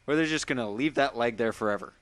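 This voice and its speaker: A man's voice: mid-range voice, quick pace, fairly bright tone. A man hosting a casual talk show, reacting to a guest's story with frequent laughs and short exclamations. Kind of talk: casual chat.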